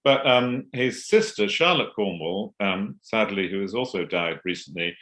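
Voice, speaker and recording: An older man answering interview questions as a biographer, speaking hesitantly with many pauses and restarts. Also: lowish voice, lively intonation, fairly bright tone. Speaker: biographer guest.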